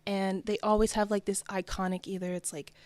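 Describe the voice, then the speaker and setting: A woman's voice: medium pitch, level tone, a little fast, darkish tone, no echo. A young woman from New Jersey, a fashion designer, talking as a guest in a casual interview, chatty and upbeat with lots of "like" and "you know".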